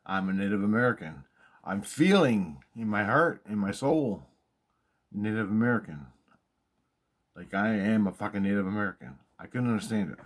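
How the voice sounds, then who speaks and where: Excitable, swearing man telling a story. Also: fairly low pitch, a little fast. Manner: excitable, profane, repeats himself for emphasis. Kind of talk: casual spoken storytelling monologue.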